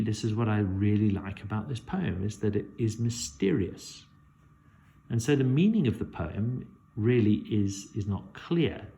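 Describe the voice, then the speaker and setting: A man teaching a poetry lesson, measured and thinking aloud as he works through a poem. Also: fairly low pitch, vocal fry, dark tone.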